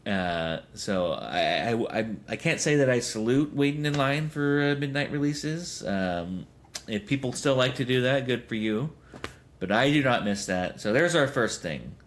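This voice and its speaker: A man's voice: medium pitch, animated, unhurried, slight background noise. A man in his thirties hosting a podcast, telling rambling stories full of fillers and chuckles. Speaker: podcast host. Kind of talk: casual podcast chat.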